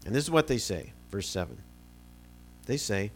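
A man preaching a sermon, his pitch leaping and dropping as he retells a Bible story. He swings from loud, pressing emphasis to quiet, low asides. A faint hum sits under the recording. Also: big pitch swings, normal speed, long pauses. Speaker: pastor.

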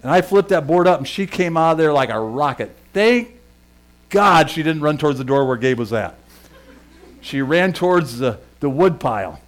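A middle-aged male pastor preaching and telling a lively personal story, shouting and laughing at its peaks. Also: on the high side, normal speed.

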